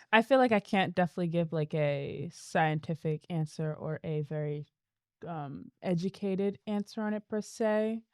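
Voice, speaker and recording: A woman's voice: lowish voice, measured pace, dry recording, clean studio sound. A woman from Nigeria chatting casually as a podcast guest, filling her speech with "like". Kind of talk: casual chat.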